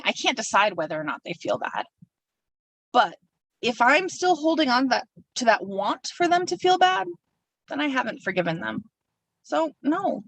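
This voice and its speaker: A woman minister delivers a reflective, personal sermon from the pulpit, voicing her feelings aloud as she works through them. Her voice is a little high and fairly bright, recorded roughly and far from the mic.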